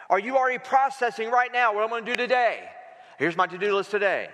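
A man with a high, bright voice preaches to his church in a loose, conversational way. He jokes and calls on the congregation to answer back. His voice rings with a long hall reverb. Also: fairly quick. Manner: conversational, playful preaching with call-and-response. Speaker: pastor. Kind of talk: sermon. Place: church sanctuary.

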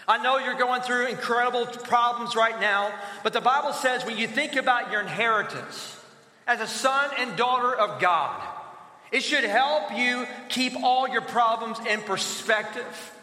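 A man preaching a sermon to his congregation in a large church. He is energetic and prompts the crowd to call out answers and repeat after him. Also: very high voice, a little slow. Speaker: pastor. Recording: echoey church hall with long reverb.

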